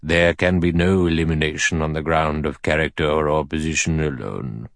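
A man voicing an elderly judge with a thin, sour, acid voice who speaks slowly and precisely. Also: a bass voice, fairly even intonation, gravelly, dry recording. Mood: measured. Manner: slow, measured, dry.

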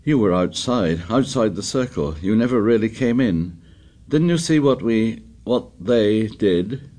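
A man voicing a shaken, haunted teenage boy who speaks low and quietly. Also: lively intonation, measured pace. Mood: stricken.

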